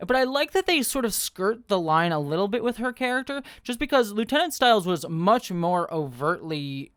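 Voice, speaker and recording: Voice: mid-range voice, very animated, moderate pace, fairly bright tone, no echo. A TV review host talking through an episode in a chatty, enthusiastic way, with many fillers and asides. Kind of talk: casual spoken episode review.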